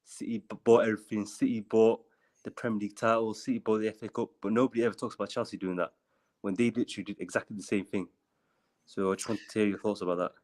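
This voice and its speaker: A man's voice: on the low side, little pitch movement, fast, darkish tone, rough recording. An eighteen-year-old young man calling in to a football show, talking in a casual, earnest way. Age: teens. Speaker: caller. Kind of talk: phone-in call.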